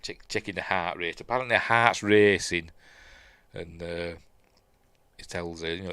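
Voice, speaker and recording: A man with a Yorkshire accent talks his way through a film in a relaxed, rambling commentary, often trailing off into fillers and restarts. His voice sits fairly low. It is recorded close up and dry, with no room echo. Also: moderate pace, long pauses, clean tone. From Yorkshire, England. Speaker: film review host. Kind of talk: casual watch-along commentary.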